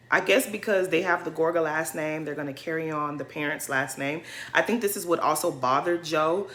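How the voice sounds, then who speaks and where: A woman's voice: deep voice, pushed and bright. A woman giving a blunt, opinionated recap of a reality TV episode, scolding the cast directly with slangy asides. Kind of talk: opinionated casual commentary.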